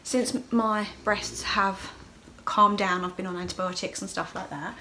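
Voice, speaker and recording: A woman's voice: mid-range voice, steady tone, measured pace, sharp tone, slight background noise. A middle-aged woman talking openly and emotionally in a casual video diary, laughing often. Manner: open, emotional, chatty with frequent laughs. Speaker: vlogger.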